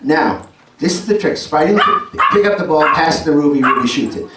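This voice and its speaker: A man with a New York accent hosts a live dog trick show, talking the crowd through each stunt while calling cues to his dogs. His voice is fairly high and swings up and down with animation. It is caught from a distance in a roomy indoor hall, with loud noise behind him. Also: expressive, brisk. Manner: chatty, cueing dogs and explaining tricks to the audience. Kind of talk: live stage show with commentary. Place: indoor venue with an audience.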